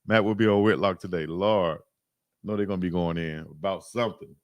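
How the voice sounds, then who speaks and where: Animated male sports livestream host. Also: deep voice, brisk, no room sound. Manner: animated, emphatic, repeats phrases, slangy. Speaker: live-stream sports show host. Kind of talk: casual livestream commentary.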